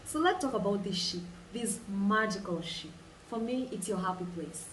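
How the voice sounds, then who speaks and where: A woman leading a guided imagination exercise, telling it in an animated way and repeating phrases for emphasis. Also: mid-range voice, normal speed, a little hiss or hum. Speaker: vlogger. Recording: roomy sound, distant mic, faint ambience.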